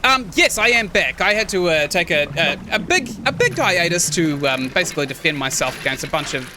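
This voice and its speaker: A man's voice: on the high side, sing-song, brisk, noisy background. A young man chatting casually while streaming a video game and reading its text aloud. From New Zealand. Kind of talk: casual gameplay commentary.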